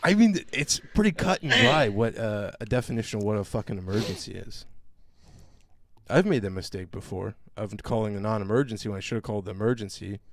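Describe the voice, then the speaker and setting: A man co-hosting a podcast, telling a long story in a casual, profane, animated way and mimicking other people's voices. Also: fairly low pitch, fairly quick. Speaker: podcast co-host.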